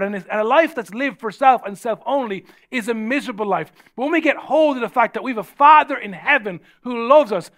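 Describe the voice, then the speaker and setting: A middle-aged Irish man preaching a sermon as pastor, humorous and energetic, now and then raising his voice to a shout. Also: very high voice. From Ireland.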